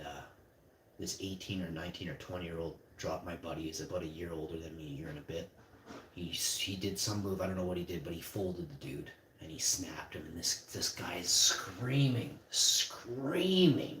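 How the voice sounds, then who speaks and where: A man's voice: sits low, slight background noise. Rambling man in a roomy space. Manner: rambling, profane, animated. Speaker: storyteller. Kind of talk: casual storytelling. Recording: roomy echo.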